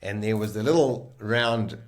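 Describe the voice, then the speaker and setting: A man, a guest on a podcast, telling a personal story in a vivid, animated way and acting out the lines people said. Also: on the low side, a little slow.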